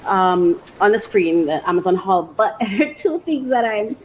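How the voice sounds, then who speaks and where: A woman life coach hosting a casual unboxing vlog, talking in a gushing, animated way and laughing often. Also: medium pitch, moderate pace, a little hiss or hum, rough recording.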